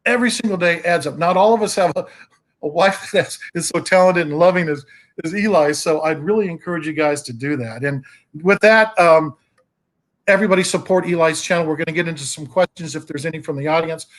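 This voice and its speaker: A man's voice: on the high side, a little fast. A man interviewing on a video call, friendly and encouraging, sometimes repeating words. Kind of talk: casual livestream interview.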